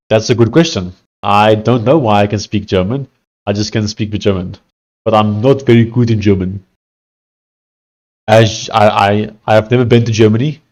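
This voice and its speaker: A young man live-streaming his coding work, thinking aloud and reading out chat in a loose, halting way with many fillers. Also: lowish voice, a little mellow. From South Africa. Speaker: live-streaming software developer.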